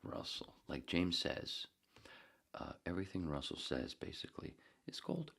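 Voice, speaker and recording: Very deep gravelly man, rambling chat. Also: normal speed, fairly bright tone. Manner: rambling, self-mocking, drops into whispers and laughs. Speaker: podcast host. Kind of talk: casual solo chat reading a live chat.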